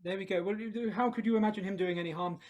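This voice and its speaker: A man playing a smooth, smug husband with a put-on British manner who calls everyone darling in a live improv comedy scene. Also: high-pitched, steady tone, fast talker, darkish tone, muffled recording, close to an everyday voice. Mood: breezy. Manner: breezy, faux-British, says darling constantly. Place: live stage show.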